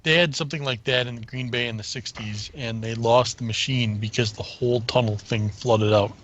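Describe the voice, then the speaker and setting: A man on a podcast, chiming in casually with quick remarks. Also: medium pitch, steady tone, a bit bright, lo-fi sound, slight background noise. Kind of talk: casual chat.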